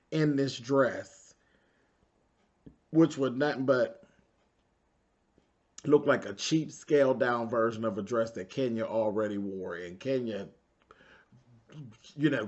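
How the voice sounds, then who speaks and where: A man's voice: medium pitch, a little mellow, muffled recording. A man recapping a reality TV episode in a sassy, gossipy way, calling his listeners "honey" and "child". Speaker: reality TV reviewer. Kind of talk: casual episode recap commentary.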